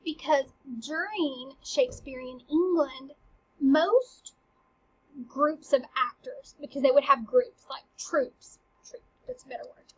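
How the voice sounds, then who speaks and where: A woman's voice: high-pitched, a bit bright. A young woman teaching a casual literature lesson, chatty, full of slang and "like". The recording is dull and lo-fi. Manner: chatty, uses slang and "like" a lot.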